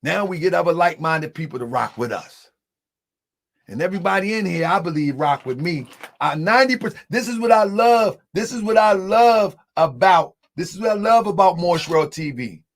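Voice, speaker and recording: A man's voice: sits high, animated, normal speed. A man hosting an online show, talking casually to viewers he calls family and laughing often. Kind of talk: casual livestream talk.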